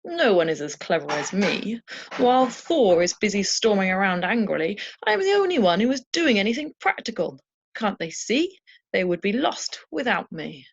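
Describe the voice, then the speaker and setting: Teacher lady doing a smug clever trickster god who thinks he's smarter than all, mid pitch. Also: big pitch swings, normal speed, breathy edge, muffled recording. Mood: boastful. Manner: boastful, superior. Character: clever, overlooked, boastful male trickster god.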